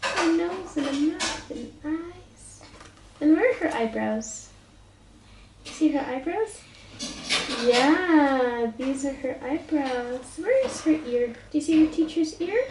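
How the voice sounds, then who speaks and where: A woman's voice: sits high, lively intonation, takes it slowly, background noise. Woman reading a picture book to a toddler. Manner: playful sing-song reading with animal noises. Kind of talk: reading a picture book aloud to a small child. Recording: roomy home recording from a distance.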